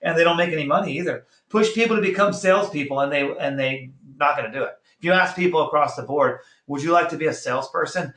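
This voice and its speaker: A middle-aged man giving an energetic motivational talk as a network marketing trainer, firing off rhetorical questions and acting out quick quotes. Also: a little high. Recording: roomy echo.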